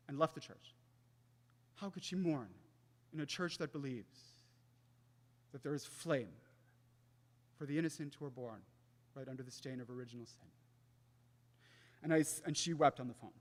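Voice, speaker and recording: A young man giving a faith talk, telling a personal story in an earnest way and often dropping to a soft hush. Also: a little high, normal speed, long pauses. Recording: long hall reverb.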